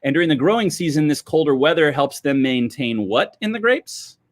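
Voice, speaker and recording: Animated and fairly high-pitched, this male sommelier speaks at a moderate pace in a dry recording. Hosting a livestreamed wine lesson, he talks chattily to viewers, addressing them as guys and frequently checking in.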